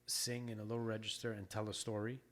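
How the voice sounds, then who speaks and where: A man's voice: fairly low pitch, little pitch movement, fairly quick. A man hosting a casual interview, chatty and affirming, telling stories from his own experience. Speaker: interview host.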